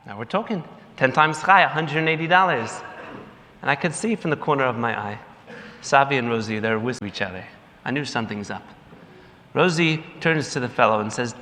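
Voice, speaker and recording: Man, gala speech, lively storyteller, bright voice, long reverb of a banquet hall. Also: medium pitch, a little fast. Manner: lively storyteller, mimics others in quotes. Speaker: gala speaker for the organization.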